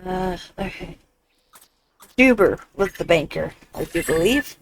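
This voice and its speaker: A woman's voice: fairly low pitch, expressive, measured pace, slight background noise, poor audio. A woman giving casual commentary while playing a video game, exclaiming often and reading on-screen text aloud. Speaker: gamer.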